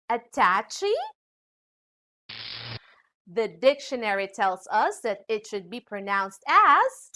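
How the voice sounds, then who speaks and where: A woman from the Philippines with a Filipino accent, teaching a scripted English pronunciation lesson to students. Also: sits high. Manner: slow, lively teacherly delivery addressing students.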